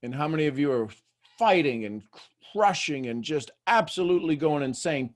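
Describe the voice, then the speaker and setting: A man hosting a motivational talk, firing rhetorical questions at listeners and swinging between hushed asides and loud bursts. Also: a little high, lively intonation, moderate pace. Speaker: host.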